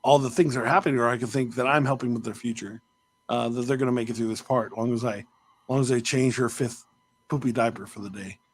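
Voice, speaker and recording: A man's voice: mid-range voice, steady tone, fast, breathy edge. A man hosting a podcast, chatting casually with playful, self-mocking jokes and rambling asides. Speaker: podcast host. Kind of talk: casual interview chat.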